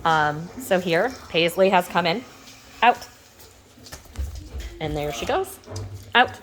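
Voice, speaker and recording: A woman in her thirties, chatting casually at home as she walks between rooms and shows how she trains her dogs, with loose fillers and restarts and sweet high baby talk for the dogs. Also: expressive, takes it slowly, fairly bright tone, faint music behind. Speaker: dog trainer. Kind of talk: casual instructional vlog.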